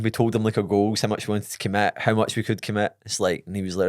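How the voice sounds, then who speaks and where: A man's voice: fairly low pitch, fairly even intonation, quick pace, hardly any pauses, darkish tone, no echo, clean studio sound. A man with a Scottish accent, hosting a podcast and telling stories in casual chat, laughing often and putting on voices when he quotes people. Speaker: podcast host.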